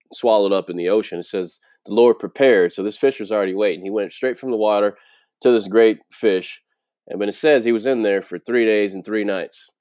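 A man's voice: on the low side, a little mellow, clear, resonant tone, no room sound, studio quality. A man giving a casual Bible teaching, reading verses and explaining them in a conversational way, often laughing and checking in with "right?". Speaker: preacher.

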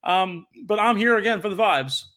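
Brief: young adult man, podcast co-host, slightly high voice, loose rambling anecdotes full of restarts. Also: animated, normal speed, bright, forceful tone. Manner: rambling storyteller with many fillers and restarts. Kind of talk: casual chat.

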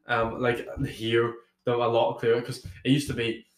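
A man's voice: medium pitch, monotone, moderate pace. Rambling young man in an echoey room. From Ireland. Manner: rambling, with many restarts and swearing. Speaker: podcast guest. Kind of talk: casual storytelling chat.

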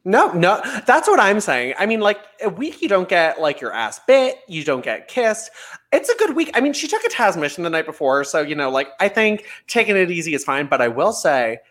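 A man's voice: high voice, huge pitch swings, fairly quick, fairly bright tone. A young man co-hosting a casual podcast chat, playful, laughing often and acting out quotes. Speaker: podcast co-host.

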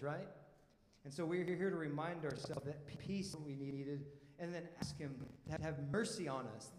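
A man's voice: a little high, a little mellow. A pastor preaching a sermon in a casual, emphatic way, asking the congregation questions and often repeating words as he restarts. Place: church hall. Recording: echoey hall with long reverb.

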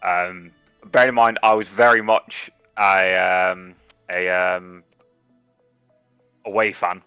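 An English man co-hosting a podcast, telling stories in a lively, swearing, casual chat. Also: low voice, takes it slowly, clear, resonant tone, no echo. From England. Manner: animated storytelling, heavy swearing. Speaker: podcast co-host. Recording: dull, dry lo-fi mic with faint music.

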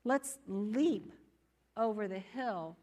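A woman preaching a sermon in a church, animated and conversational, often acting out the doubts of her listeners. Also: mid-range voice, extremely slow. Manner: animated, acts out inner voices.

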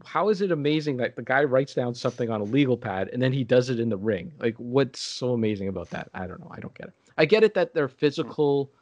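A man's voice: medium pitch, lively intonation, a little mellow, dry recording, muffled recording. Guy rambling in a chill chat, stops and restarts a lot, dry close sound. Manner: rambling, halting, lots of restarts and fillers. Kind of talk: casual chat.

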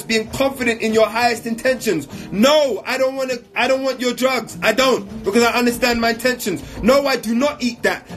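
A man's voice: very high-pitched, a bit bright. A man giving an emphatic, repetitive motivational talk in slang while answering audience questions.

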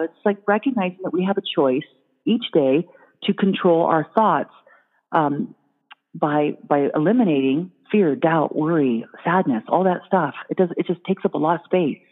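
A woman in casual conversation, telling an animated story and putting on playful little voices for imagined critters. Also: on the low side, normal speed, husky. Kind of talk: casual chat. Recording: phone-like sound in a long-reverb hall.

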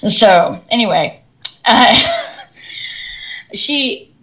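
A woman who teaches orchestra, co-hosting a podcast and ranting in a lively, animated storytelling way. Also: fairly high pitch, drawn-out words, poor audio. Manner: animated storytelling, swings loud and soft. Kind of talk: casual podcast rant.

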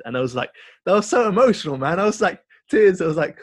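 A man co-hosting a podcast, chatting casually and rambling through an animated story with lots of fillers. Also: high voice, fast talker, dry recording. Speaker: podcast co-host. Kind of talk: casual film chat.

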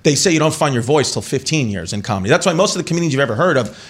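Animated man in his thirties telling stories. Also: mid-range voice, very fast. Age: 30s. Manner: animated, profane, rambling anecdotes. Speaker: comedian guest. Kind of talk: casual podcast storytelling.

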